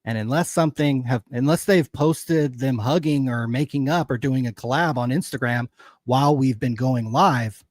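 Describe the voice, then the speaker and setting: A man's voice: medium pitch, normal speed, no room sound. Profane, fired-up male stream host. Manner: profane, angry ranting. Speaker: livestream host. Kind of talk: heated casual commentary.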